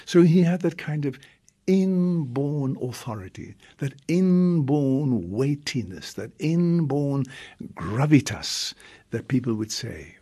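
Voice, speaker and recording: A man, a priest, giving a reflective homily with long pauses and drawn-out emphasis. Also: medium pitch, big pitch swings, mellow, breathy edge.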